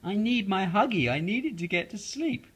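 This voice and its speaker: A man voicing an excitable young boy frog in a storybook read-aloud, eager and bouncy. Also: moderate pace, breathy edge, exaggerated voice. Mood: excited. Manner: eager, bouncy, high and loud.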